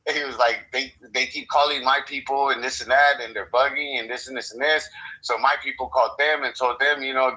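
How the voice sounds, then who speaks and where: The low-quality recording catches a young American podcast co-host with a bright, forceful, medium-pitched voice. In casual chat he rambles and swears while recounting a story, performing both sides of the dialogue.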